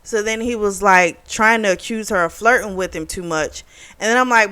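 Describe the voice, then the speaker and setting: A woman's voice: mid-range voice, moderate pace, clear, resonant tone. Female book club host; chatty, foul-mouthed, indignant recap delivery with quoted dialogue. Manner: animated, profane, indignant retelling with voiced quotes. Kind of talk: casual book review recap.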